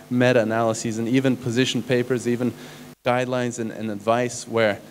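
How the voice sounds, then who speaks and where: A man's voice: medium pitch, darkish tone, a little hiss or hum. A man, a doctor, giving a lecture to a live audience in a conversational way, often tossing questions and "right?" at listeners. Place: conference hall stage.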